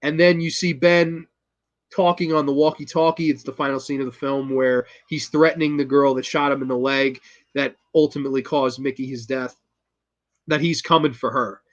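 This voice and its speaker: A man's voice: medium pitch, fairly even intonation, moderate pace, muffled recording. A man hosting a casual film review monologue, enthusiastic and profane, retelling scenes and quoting lines. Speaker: host.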